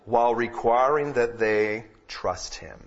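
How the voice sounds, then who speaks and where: A man preaching a sermon, moving from calm teaching to loud, emphatic peaks. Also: medium pitch, slow, highs cut off. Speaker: pastor.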